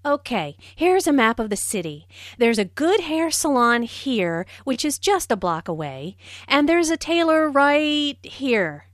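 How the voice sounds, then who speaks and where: A woman voices a friendly, helpful receptionist from a language-lesson dialogue. Her voice sits high and swoops up and down with lively melody, unhurried and carefully clear. The recording is dry and close. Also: no room sound.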